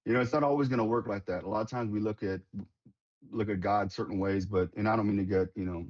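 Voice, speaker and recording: A man's voice: fairly low pitch, fast talker. A retired veteran man telling stories casually in an interview, full of restarts and quoted dialogue. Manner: animated storyteller, many restarts and quoted voices. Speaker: guest, retired Marine veteran. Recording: dull lo-fi sound.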